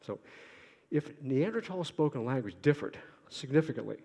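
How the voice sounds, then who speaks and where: A middle-aged man from Boston giving an academic conference lecture, quick-talking with restarts and wry asides to himself. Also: mid-range voice, animated, vocal fry, mellow. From Boston, United States. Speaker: conference speaker, archaeologist. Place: lecture hall. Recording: long hall reverb.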